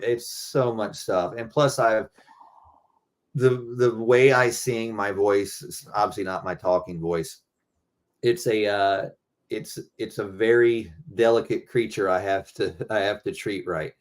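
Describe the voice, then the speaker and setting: A man's voice: on the low side, steady tone, slow pace. A middle-aged man talking loosely and rambling, swearing freely, as a guest musician in a casual interview.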